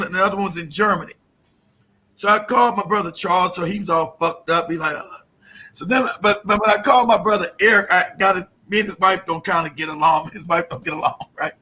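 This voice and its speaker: A man's voice: high-pitched, sharp tone. A middle-aged man telling an emotional personal story in casual talk, profane and emphatic with many restarts.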